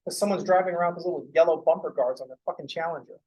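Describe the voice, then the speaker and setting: Rapid-fire and mellow, a young math lecturer with a somewhat high voice rambles through his class. He jokes, rants, and swears casually before steering back to the lesson, captured on a muffled recording.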